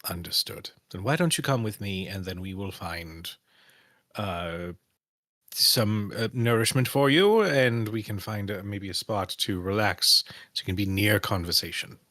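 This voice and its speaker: A man playing a tabletop game in character, calm and a little hesitant. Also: on the low side, measured pace, dry recording, studio quality. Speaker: player. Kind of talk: casual tabletop role-play.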